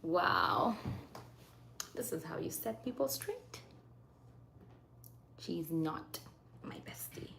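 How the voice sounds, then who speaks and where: Chatty woman with a gravelly, low voice. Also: big pitch swings, extremely slow, pauses often. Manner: chatty, often dropping into soft half-whispers. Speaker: livestreaming makeup host. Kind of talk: casual live makeup chat, reading comments. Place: at home in Saskatchewan. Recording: faint background noise.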